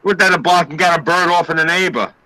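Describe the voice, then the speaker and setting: A man on a casual podcast, telling a family story in a profane, animated way. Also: on the high side, fast talker, noisy background.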